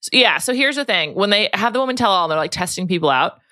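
A woman's voice: medium pitch, expressive, quick pace, pushed and bright, no echo, studio quality. A woman hosting a podcast, chatting casually and laughing easily. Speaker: podcast host. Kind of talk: casual chat.

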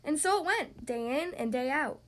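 A woman reading a children's picture book aloud in an expressive, sing-song way. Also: high-pitched, normal speed. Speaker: storyteller.

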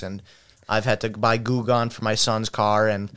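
A man's voice: lowish voice, level tone, normal speed, fairly bright tone, smooth. A young man telling a story in a casual chat, rambling with lots of fillers.

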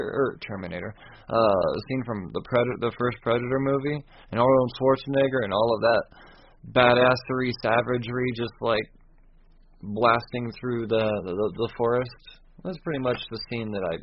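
A man's voice: medium pitch, dull audio. A man casually recapping a comic story, rambling and profane, with frequent restarts and laughing at his own slips.

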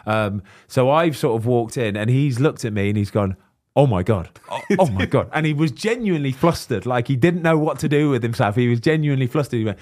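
A man's voice: medium pitch, a little fast, hardly any pauses. A man on a podcast telling stories in casual chat, acting out what people said. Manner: animated storyteller, acts out quotes. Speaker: podcast host and footballer.

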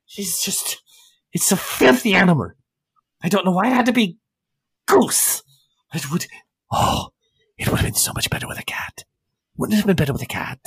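A man voicing a crude, irritable male vampire with a stitched-open face, speaking in a slow, raspy, cursing way. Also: high-pitched, very animated, a bit bright, no echo, pitched above the performer's own voice, full character voice. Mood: disgusted.

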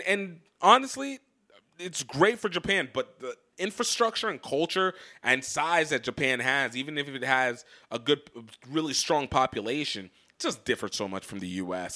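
Rambling man, slightly high voice. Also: pushed and bright. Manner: rambling, with many restarts and fillers. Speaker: rugby podcast host. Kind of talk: casual commentary.

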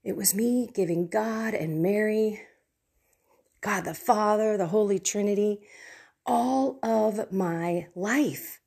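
A middle-aged woman with a mid-range, gravelly, darkish, slightly rough voice hosts a devotional podcast as a faith coach. She talks casually and earnestly about her own prayer life, personally exhorting her listeners.

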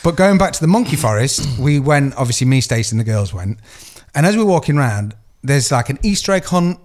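A man's voice: mid-range voice, very animated, brisk, a little mellow. A man in his thirties, a podcast co-host telling rambling anecdotes in casual chat and swearing freely.

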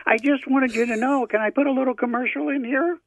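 A man's voice: extremely high pitch, steady tone, fast, over a noisy crowd. A man playing a cranky older hardware store owner who calls in, rambling and flustered and cursing mildly. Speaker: caller. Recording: muffled phone line.

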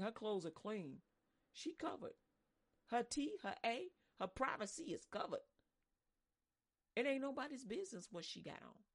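A woman preaching a sermon, animated and dramatic, acting out voices and swinging between loud and soft. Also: fairly high pitch.

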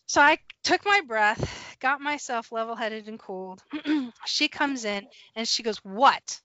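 A woman's voice: on the high side, unhurried, dry recording, highs cut off. A woman telling a story from her years managing a store, laughing as she goes and acting out the conversations. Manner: animated, laughs through her story, acts out dialogue. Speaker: guest recalling past work as a retail manager. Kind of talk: casual storytelling on a podcast.

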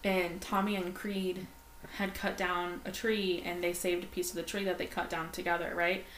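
A woman co-hosting a casual chat podcast, telling stories with lively quoted voices. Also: fairly low pitch, normal speed. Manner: animated storyteller, acts out quoted voices. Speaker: podcast co-host. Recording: echoey room, faint ambient noise.

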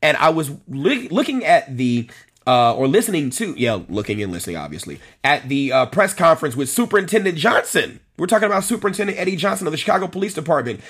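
Host, male, husky voice with a lively rise and fall, live-stream commentary, talks to commenters by name. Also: fairly high pitch, fast. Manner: conversational, repeats phrases for emphasis, addresses commenters by name. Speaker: host of a policing talk show.

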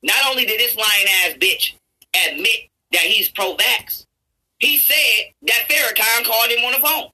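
Husky bright-voiced guy ranting on his channel, cusses a lot, trips over his words and yells. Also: high voice, moderate pace, low-quality recording. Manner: profane, repetitive, stammering restarts, rising to shouts. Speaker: YouTuber. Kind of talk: angry ranting commentary over a played clip.

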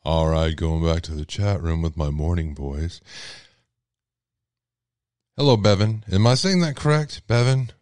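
A man with a Texas accent and a deep voice, hosting a casual livestream and reacting with loud disbelief. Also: normal speed, hardly any pauses, clean tone, dry recording, clean studio sound. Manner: animated, exclaiming in disbelief. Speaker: podcast host.

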